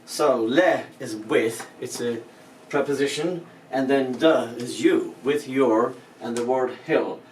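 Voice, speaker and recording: A man's voice: mid-range voice, slow pace, darkish tone. A male language teacher explaining pronunciation step by step, patient and lightly joking. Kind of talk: spoken language lesson. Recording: roomy echo, mic at a distance, faint background noise.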